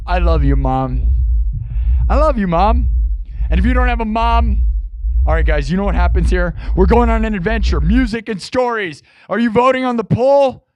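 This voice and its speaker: A man hosting a live music stream, chatting in a rambling, excitable way and breaking into shouts. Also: high voice, normal speed, clear, resonant tone, no echo, muffled recording. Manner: excitable, bursts into shouts, heavy use of "like".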